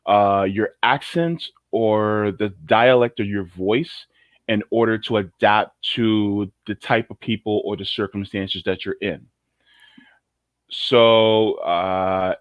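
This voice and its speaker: A man co-hosting a podcast, talking casually in a rambling, animated way. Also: on the low side, dry recording. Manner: rambling, many fillers and restarts, animated storytelling. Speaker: podcast co-host. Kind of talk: casual conversation.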